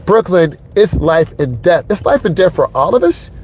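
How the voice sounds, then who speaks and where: A man's voice: high voice, very animated, moderate pace, a little mellow, slight background noise. A middle-aged man, a driving instructor, narrating a lesson from behind the wheel in a car. He talks straight to the viewers, emphatic and repeating himself. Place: inside a car on city streets.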